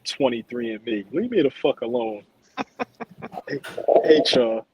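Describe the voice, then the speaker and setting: A man's voice: medium pitch, very animated, measured pace, noisy background. A man co-hosting a podcast, chatting casually with blunt, profane humor and frequent laughter. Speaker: podcast co-host. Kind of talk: casual chat.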